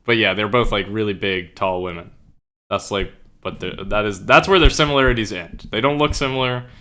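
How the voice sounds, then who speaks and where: A young man with a bright, forceful voice that sits a little low, rambling to his stream chat. He talks casually, full of fillers and offhand swearing, into his own streaming mic. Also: clear, resonant tone.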